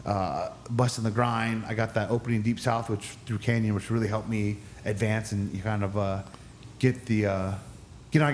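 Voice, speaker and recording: A podcast guest tells a story with lots of energy, acting out other people's lines in a raised voice. His voice is mid-range, with a little hiss or hum in the recording.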